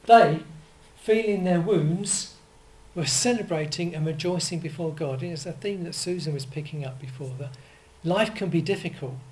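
An older preacher delivers a sermon in an easy, conversational way. The voice sits at a middle pitch. The talk wanders into asides, restarts and little corrections, with faint noise in the background. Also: darkish tone, poor audio.

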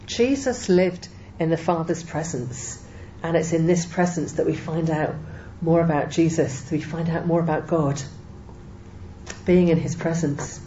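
Low, mellow woman preaching. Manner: measured, emphatic Bible teaching with quoted scripture. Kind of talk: sermon. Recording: dull lo-fi recording with faint noise.

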